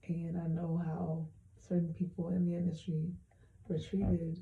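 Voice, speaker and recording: A woman speaking a heartfelt personal message into her hand-held phone, soft and halting with many pauses, close to tears. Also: fairly low pitch, level tone, vocal fry, reverberant, highs cut off. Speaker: vlogger.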